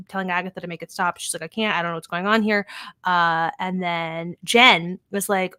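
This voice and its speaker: A woman's voice: on the low side, fairly even intonation, fast, bright, forceful tone, clean tone, no echo. A woman casually recapping a TV episode, chatty and swearing freely, paraphrasing what the characters say. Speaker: podcast host recapping a TV episode.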